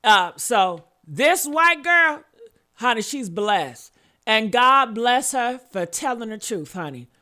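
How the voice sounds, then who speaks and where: A woman tells the story in a casual, sassy way, calling her listeners honey and baby. Her bright voice swoops up and down with a lot of animation, and her pacing is slow and deliberate. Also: fairly high pitch, very animated. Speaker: commentary channel host.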